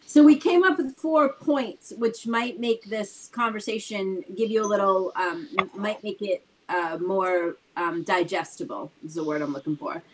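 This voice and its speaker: Woman host, mid pitch, earnest, keeps asking right? as she explains stuff. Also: moderate pace, hardly any pauses, slight background noise, poor audio. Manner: earnest, talks things through with repeated "right?". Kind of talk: casual motivational talk.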